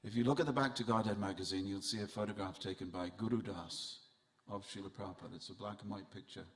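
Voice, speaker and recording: This festival sermon in a temple hall comes from a man whose voice sits on the low side with a fairly bright tone. He talks quickly with fairly even intonation, telling amusing stories straight to the audience.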